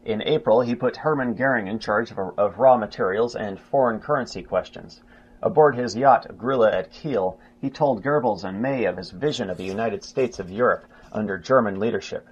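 Husky low-voiced man reading history. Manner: measured reading with frequent slips and restarts, marking quotes aloud. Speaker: narrator. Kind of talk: reading a history book aloud. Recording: dull lo-fi recording.

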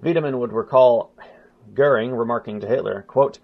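A man reading a history book aloud in a measured way, stumbling and restarting now and then and announcing quotes aloud. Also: medium pitch, darkish tone. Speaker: narrator. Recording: dull lo-fi recording.

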